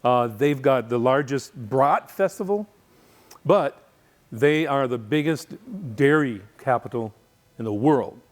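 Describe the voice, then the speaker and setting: A man's voice: mid-range voice, takes it slowly. Joking middle-aged man from Wisconsin. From Wisconsin, USA. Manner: joking, rambling storyteller with deadpan asides. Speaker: guest speaker. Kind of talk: humorous speech to a men's group. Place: coffee shop.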